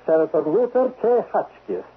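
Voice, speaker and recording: A man's voice: on the high side, huge pitch swings, moderate pace, slightly rough, heavily acted. A man playing a stern, sarcastic male spy chief in a 1970s radio drama. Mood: icy. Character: cold menacing male foreign spy chief. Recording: lo-fi narrow-band radio recording.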